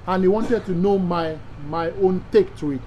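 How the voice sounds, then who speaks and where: A man's voice: high voice, moderate pace, dull audio, a little hiss or hum. A man from Nigeria with a Nigerian accent, a pastor giving an emphatic teaching sermon to other pastors, repeating key phrases and asking rhetorical questions.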